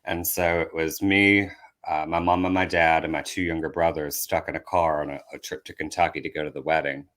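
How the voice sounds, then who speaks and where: A young man with a very low voice tells personal stories on a podcast, candid and self-deprecating. He slips into his family members' voices as he goes, keeping it casual and easygoing. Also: level tone, a little fast, a bit bright. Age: young adult. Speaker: comedian guest.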